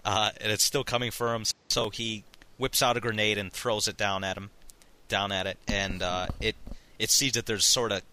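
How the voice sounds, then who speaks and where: Male co-host, deep but bright voice, rambling casual recap full of fillers. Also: fairly even intonation. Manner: rambling, halting retelling with many fillers. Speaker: podcast co-host recapping a story. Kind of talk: casual chat.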